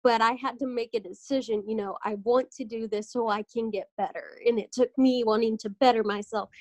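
A young woman hosts a casual podcast, her voice sitting fairly high. She tells stories with lots of animation and jumps into other people's lines as she goes. The sound is close and dry, with no room around her. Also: fairly quick, no room sound. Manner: animated storytelling, acting out doctors' lines. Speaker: podcast host.

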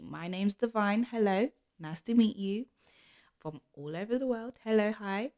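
A young woman with a London accent hosting her own podcast in an upbeat, chatty way, full of greetings and shout-outs. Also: medium pitch, expressive, measured pace. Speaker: podcast host. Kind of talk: casual solo podcast chat.

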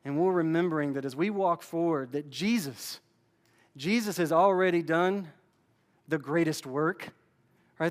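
High-voiced pastor preaching casually. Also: male voice. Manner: conversational, repeats words when restarting. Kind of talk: sermon.

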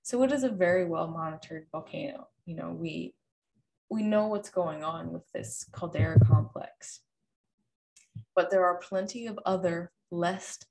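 Low-voiced young woman, casual presenter. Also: creaky, darkish tone. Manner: chatty, hedging with fillers like "like" and "um". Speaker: podcast host presenting her thesis. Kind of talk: casual presentation and family quiz.

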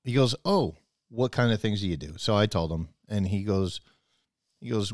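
Guy with a low voice rambling thru an old story, dry close sound. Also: lively intonation, normal speed, dry recording. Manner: rambling anecdotal storytelling with many restarts. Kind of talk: casual chat.

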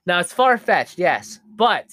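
A young man co-hosting a casual livestream podcast, rambling and restarting his sentences and apologizing quickly. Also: sits high, big pitch swings, pushed and bright, no echo. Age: young adult. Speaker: podcast co-host and streamer.

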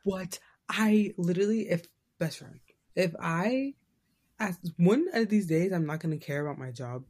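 A young woman co-hosting a podcast in casual chat, low-key and blunt, her voice often trailing off quietly. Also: lively intonation, moderate pace. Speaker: podcast co-host.

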